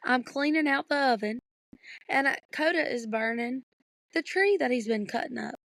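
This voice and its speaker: Lady telling a funny story, keeps cracking up, high voice, dry close mic. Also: lively intonation, moderate pace, creaky, a bit bright, no echo. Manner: laughs constantly while telling a story. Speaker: podcast co-host. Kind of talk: casual chat.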